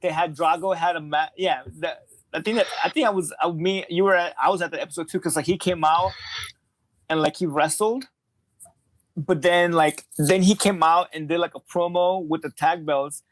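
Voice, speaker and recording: A man's voice: a little high, fairly even intonation, moderate pace, slight background noise. A man guest on a casual podcast, telling stories in a rambling way with many restarts and some swearing.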